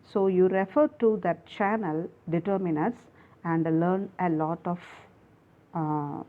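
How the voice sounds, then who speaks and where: A woman teaching an English grammar lesson online, explaining slowly and repeating herself with many fillers. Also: fairly low pitch, fairly even intonation. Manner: slow, repetitive explaining with many fillers and restarts. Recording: phone-like narrow sound.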